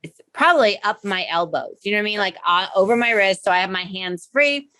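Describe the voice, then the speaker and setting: An energetic woman dog trainer explains her methods in a relaxed chat. She acts out everyday scenes to make her point, speaking at a middle pitch. The recording is dry, with no room echo. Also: fast. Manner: animated, explains by acting out scenes. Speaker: professional dog trainer and co-host. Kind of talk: instructional casual chat.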